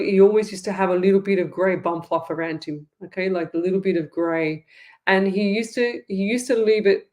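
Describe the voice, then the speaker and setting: A woman's voice: mid-range voice, darkish tone. A middle-aged Australian woman hosting a live psychic reading, chatty and rambling, often repeating herself. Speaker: psychic medium host.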